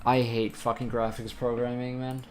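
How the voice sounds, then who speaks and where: Frustrated during a live-coding stream, a man reads error messages out loud, muttering and swearing, his mid-range voice flat and moderately paced. Behind him are gentle lo-fi music and the clatter of typing.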